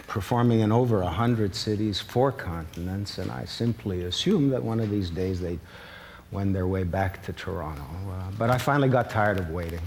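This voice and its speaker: A man hosting a conference, introducing performers on stage in a relaxed, conversational way. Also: low voice. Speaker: conference host. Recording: long hall reverb, faint noise.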